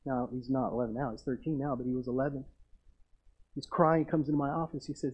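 A middle-aged man, a pastor telling stories in a sermon and swinging from hushed to emphatic. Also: medium pitch, fairly even intonation, fairly quick, husky, poor audio.

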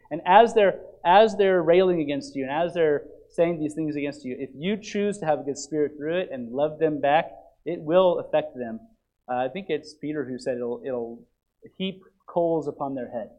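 Guy teaching a bible lesson, fairly high voice, earnest and emphatic, keeps repeating himself to drive it home. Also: a little mellow.

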